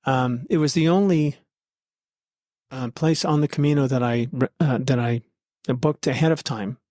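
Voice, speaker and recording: As a guest on a podcast, a man with a middle-range voice shares his experiences earnestly and from the heart, at a moderate pace and in a warm tone. The audio is close-miked and dry, without any room echo.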